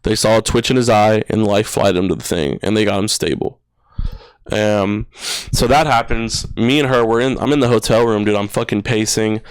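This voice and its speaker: A young man in his twenties tells a personal story on a podcast, in loose slang and heavy swearing. His voice is smooth and clear at a middle pitch. It is recorded close and dry in a studio. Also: normal speed, no echo. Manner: casual, swears a lot, says "bro" and "dude". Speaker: podcast guest. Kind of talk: emotional storytelling.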